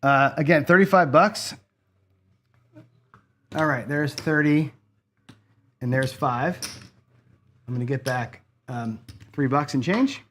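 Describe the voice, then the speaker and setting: A man's voice: fairly high pitch, takes it slowly, pauses often, a bit bright, slight background noise. Man calling craps rolls on a stream. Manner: frustrated, swearing, talks to chat. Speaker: online casino game host. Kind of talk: casual live-stream commentary.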